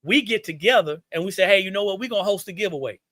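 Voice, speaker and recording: A man's voice: sits high, fast, fairly bright tone, dry recording, clean studio sound. A man with a Southern US accent, a business owner giving folksy, preachy advice to viewers on a live stream. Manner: preachy and folksy, repeats points, addresses viewers as y'all.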